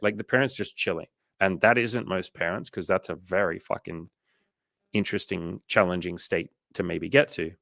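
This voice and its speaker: Aussie guy on a livestream, deep and gravelly, swears a lot, chatty coaching vibe. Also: steady tone, normal speed, a bit bright, dry recording, clean studio sound. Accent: Australian. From Australia. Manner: swears freely, acts out inner voices.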